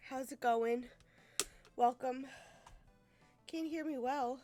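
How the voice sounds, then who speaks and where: A woman's voice: high-pitched, takes it slowly, dark tone, faint music behind. A woman game streamer with a stuffy, congested nose from a sinus infection, chatting casually and profanely with her viewers on a desk mic at home.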